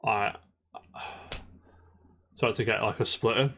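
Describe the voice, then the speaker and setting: A man's voice: on the low side, fairly even intonation, racing, creaky, fairly bright tone, a little hiss or hum. A man co-hosting a casual podcast, telling a long rambling story and swearing constantly. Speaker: podcast co-host. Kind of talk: casual chat.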